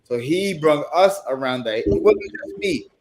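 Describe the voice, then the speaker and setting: A man's voice: a little high, animated, a little slow, darkish tone. Laid-back New man reminiscing. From New York. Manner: laid-back, reflective storytelling. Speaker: guest, former boxing champion. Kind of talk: casual podcast interview.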